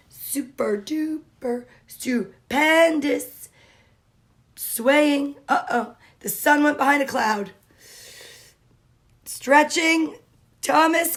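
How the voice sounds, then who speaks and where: A woman hosting a casual livestream, greeting viewers by name and chatting in a cheerful, drawn-out way. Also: sits high, a bit bright. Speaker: livestream host.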